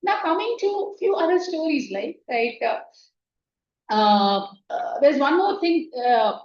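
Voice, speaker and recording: A woman telling a spiritual story as a meditation teacher, unhurried and often checking in with "right?", recorded distant and echoey on a dull, lo-fi track. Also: high-pitched, expressive, darkish tone, slight background noise.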